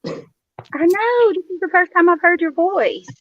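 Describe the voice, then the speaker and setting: Middle-aged woman, earnest, halting, fillers, dull lo-fi car audio, dry. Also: very high voice, no echo. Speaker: juror on a panel. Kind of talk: livestream panel talk. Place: in her car.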